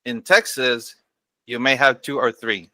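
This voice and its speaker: Relaxed male guest. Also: mid-range voice, a little slow, dry recording. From US East Coast. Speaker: guest vlogger. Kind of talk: casual chat.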